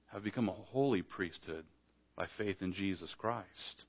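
Low-voiced man preaching a sermon. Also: expressive, normal speed, muffled recording. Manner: conversational preaching, acts out little dialogues. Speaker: pastor.

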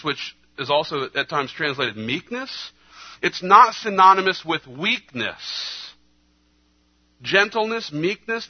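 A man preaching a sermon earnestly, his delivery moving between hushed, slow passages and emphatic ones. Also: high voice, breathy edge. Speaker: pastor. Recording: slightly dull lo-fi sound.

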